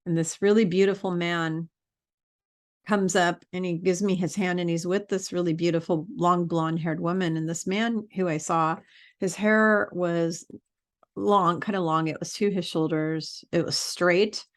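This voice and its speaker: Woman spiritual teacher, low-ish voice, rambling earnest vlog talk. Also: fairly even intonation, unhurried. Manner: earnest and rambling, many fillers. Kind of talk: casual spiritual vlog monologue.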